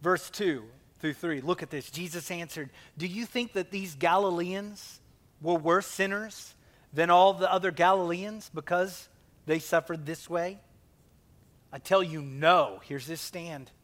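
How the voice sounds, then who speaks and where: A man's voice: high-pitched, a little slow, a bit bright. A male pastor preaching a conversational sermon, asking the congregation questions and acting out quotes.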